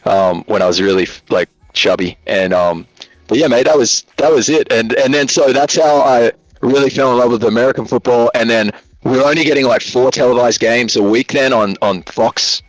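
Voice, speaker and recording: A man's voice: mid-range voice, moderate pace, no room sound, low-quality recording. A man with an Australian accent, a guest telling rambling, joking stories in a casual interview over a call. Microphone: video call.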